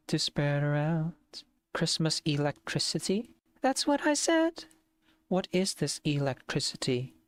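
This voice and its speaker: A woman's voice: medium pitch, clean tone, dry recording, natural voice. A woman voicing a jolly, mischievous Christmas ghost who sings in a bouncy, showy way.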